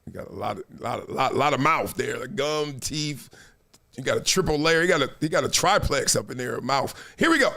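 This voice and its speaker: A middle-aged man hosting a live sports talk show, animated and emphatic, often laughing. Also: medium pitch, fairly quick, creaky. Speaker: host.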